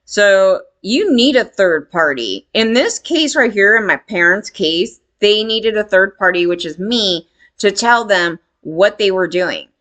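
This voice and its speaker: Woman rambling emphatic storyteller, candid, drops swear words, medium pitched voice. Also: animated, unhurried, a bit bright.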